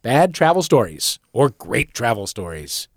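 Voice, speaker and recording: A man's voice: medium pitch, big pitch swings, measured pace, no room sound, studio quality. A man hosting a comedy podcast game show, reading questions and tossing out jokes in a playful quizmaster manner.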